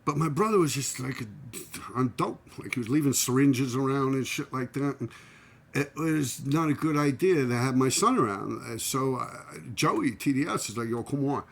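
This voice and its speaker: A man's voice: mid-range voice, animated, moderate pace, vocal fry. A middle-aged man with a New York accent, telling casual, profane stories from his graffiti days and dotting his talk with "man" and "yo". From New York City. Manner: streetwise, profane, full of "man" and "yo", laughs at his own stories. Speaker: channel host and former graffiti writer. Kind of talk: casual storytelling.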